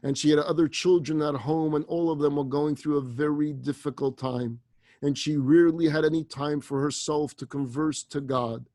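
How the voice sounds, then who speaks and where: A man, a rabbi, telling a story in a sermon, shifting dramatically between hushed and loud. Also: fairly high pitch, steady tone, normal speed, no room sound.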